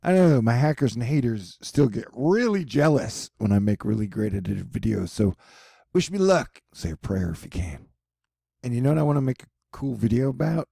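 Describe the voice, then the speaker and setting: A man's voice: mid-range voice, lively intonation, brisk, creaky, dark tone, breathy edge, no echo, studio quality. A young man rambling sarcastically in a casual vlog from his apartment. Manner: rambling, sarcastic, self-mocking. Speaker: vlogger.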